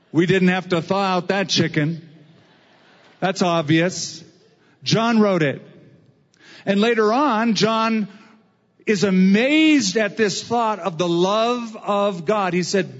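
A man preaching a sermon as pastor, slow and emphatic with drawn-out phrases. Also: high voice, big-room sound, highs cut off.

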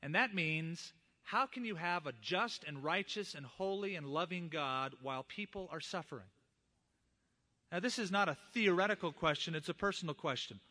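A man's voice: fairly high pitch, bright, forceful tone. A middle-aged man, a pastor, preaching a sermon and earnestly addressing the fathers in the congregation.

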